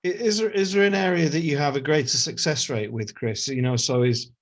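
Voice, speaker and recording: A man hosting an interview, asking halting questions with many restarts. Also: a little high. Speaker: interviewer, priest host.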